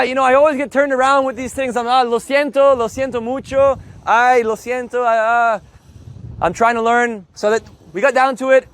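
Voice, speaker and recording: A man from Canada teaching a live Spanish class, telling a story in a playful, animated way and acting out the voices. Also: very high-pitched, clean tone. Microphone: loudspeaker mic.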